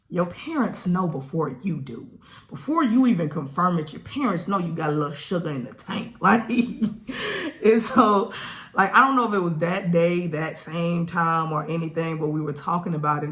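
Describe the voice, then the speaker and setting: A young woman vlogger telling a personal story in casual slang, animated, with big swings in pitch and loudness.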